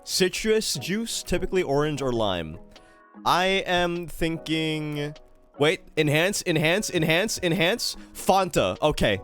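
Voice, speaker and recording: A man streaming a guessing game, chatting casually, swearing freely and poking fun at himself. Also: on the high side. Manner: swears freely, animated and self-mocking. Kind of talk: casual live-stream commentary.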